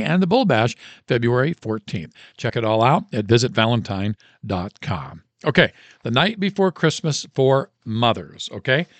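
A man's voice: medium pitch, no room sound. A man hosting a radio show, chatting in a folksy way and reading a poem aloud. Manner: folksy, upbeat and animated.

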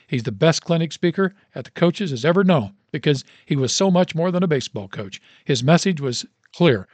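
A male host reading a story aloud in a plain, measured way. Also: a little high, expressive, no room sound.

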